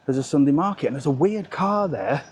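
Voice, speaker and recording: A man's voice: fairly high pitch, lively intonation, fairly quick, a little mellow, husky. Chatty man vlogging outdoors. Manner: chatty, upbeat, greets passers-by. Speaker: travel vlogger host. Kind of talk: live walking vlog chat. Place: outdoor seaside street.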